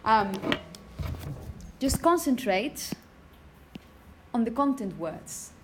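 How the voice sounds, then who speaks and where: A woman's voice: a little high, very animated, very slow, background noise. A woman teaching a phonetics lecture to teachers. She explains step by step, checks in with the class as she goes, and chants example phrases to show the rhythm. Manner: explanatory, checks in with "okay?" and "yeah?".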